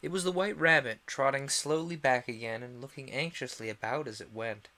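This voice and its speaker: A young man reading a classic storybook aloud on a stream, expressive and acting out the characters. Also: medium pitch, fairly quick.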